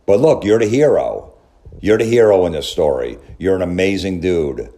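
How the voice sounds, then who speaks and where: A man's voice: low voice, sing-song, normal speed, warm tone. A man tearing apart a story in a sarcastic, profane comedic rant, full of incredulous questions. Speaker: comedy commentator.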